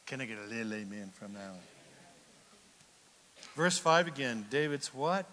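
A man preaching a lively, joking sermon and shouting now and then for emphasis. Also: mid-range voice, moderate pace, big-room sound. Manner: animated, jokey, with shouted emphasis. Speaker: pastor.

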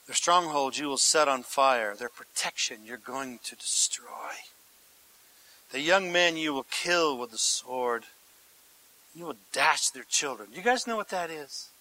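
A male pastor preaching a sermon, dramatic, dropping to hushed tones and rising to shouts, asking the congregation direct questions. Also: mid-range voice, lively intonation, a little slow, low-quality recording.

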